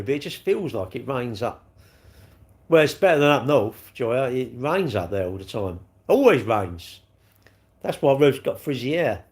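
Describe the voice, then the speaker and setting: A man's voice: medium pitch, expressive, moderate pace, a little mellow. A man rambling cheekily through a casual live stream, bantering with viewers and swearing freely.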